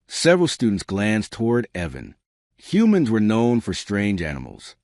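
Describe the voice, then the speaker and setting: Man, story narration, low voice, lively intonation, dry close sound. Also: moderate pace, no echo. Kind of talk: scripted narration.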